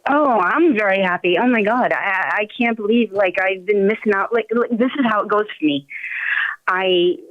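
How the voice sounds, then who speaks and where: A woman's voice: mid-range voice, normal speed, no room sound. A woman with a Boston accent calling into a show, talking in a giggly, effusive way. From Massachusetts. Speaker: caller. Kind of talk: phone call-in chat. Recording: dull phone line.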